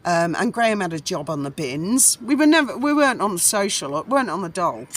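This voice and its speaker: A woman's voice: mid-range voice, sing-song, a little fast. Chatty, blunt middle-aged Englishwoman. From England. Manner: rambling, chatty and blunt, with casual swearing. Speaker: vlogger. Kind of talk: casual storytelling vlog. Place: outdoors in a breeze.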